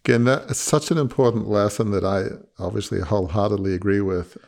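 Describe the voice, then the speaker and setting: A man's voice: on the low side, steady tone, a little fast, vocal fry, a little mellow. A man hosting a podcast interview, talking in an earnest, emphatic way and repeating his key points. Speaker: podcast host. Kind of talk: conversational interview.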